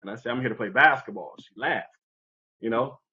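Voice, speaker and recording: A podcast guest tells an animated story from his youth in a brisk, bright, forceful tone. He acts out what people said with big jumps in pitch, and the recording is muffled.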